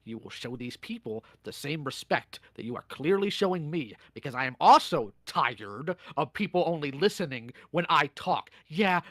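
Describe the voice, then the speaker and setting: A man's voice: fairly high pitch, a bit bright, no echo. Stern, lecturing man on a call. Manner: stern, lecturing, calls someone out. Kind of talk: role-play confrontation in a voice call.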